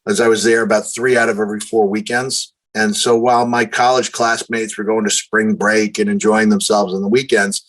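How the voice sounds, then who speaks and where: A man in his fifties, a podcast guest telling long stories with lively, self-deprecating humor. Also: on the low side, brisk, few pauses, low-quality recording. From New York, USA. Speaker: guest, retired wrestler. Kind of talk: storytelling in conversation.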